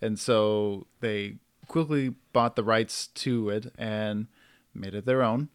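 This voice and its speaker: A man's voice: fairly low pitch, slow, clear, resonant tone, no echo, clean studio sound. A man hosting a casual podcast chat, who laughs often and stumbles over names. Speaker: podcast host.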